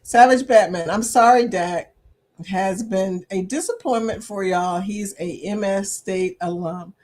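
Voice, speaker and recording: A woman's voice: mid-range voice, takes it slowly, darkish tone. An older woman hosting a casual livestream chat, reading viewer comments aloud and laughing often between remarks. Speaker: livestream host.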